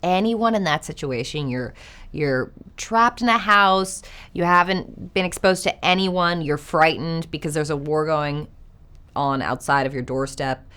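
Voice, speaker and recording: A woman's voice: low-pitched, measured pace, a bit bright, clean tone. A woman being interviewed, thinking aloud and restarting her phrases. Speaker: actress guest. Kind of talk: casual interview.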